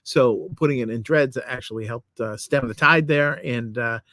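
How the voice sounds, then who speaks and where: A man's voice: medium pitch, normal speed, sharp tone, dry recording, clean studio sound. A man co-hosting a casual podcast with his wife, riffing and joking along in crude, playful banter. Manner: jokey, playful, eager to riff along. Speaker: podcast co-host.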